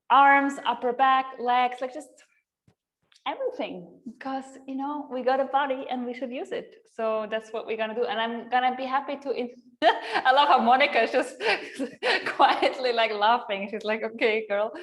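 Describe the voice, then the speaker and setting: A woman in her thirties, a yoga teacher chatting with her online class, rambling and laughing often at herself. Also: fairly high pitch.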